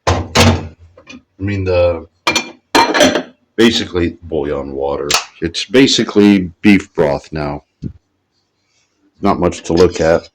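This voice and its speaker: Heavy background noise surrounds a low-voiced man who talks slowly and pauses often. He rambles chattily through a recipe in his home kitchen, fixing his own mistakes along the way, in a cooking vlogger's casual demo.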